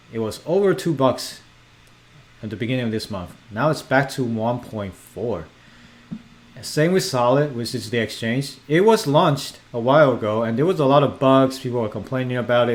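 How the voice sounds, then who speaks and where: A man giving casual, animated commentary as a crypto video host, emphatic and repetitive as he reassures viewers. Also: mid-range voice. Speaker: crypto YouTuber.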